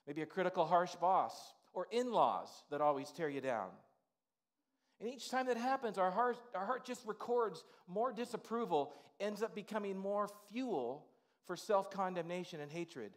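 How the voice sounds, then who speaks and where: A man's voice: high-pitched, expressive, moderate pace. A male pastor delivering an informal, conversational sermon in a church sanctuary, full of "you know" asides.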